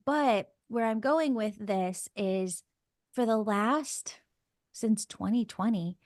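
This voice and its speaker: A woman podcast host tells a story in a casual, animated way, dropping "like" and "oh my God" as she goes. Her voice sits a little high and is recorded close and dry. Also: slow pace, dry recording. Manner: animated and gushing, with frequent fillers like "like" and "oh my God".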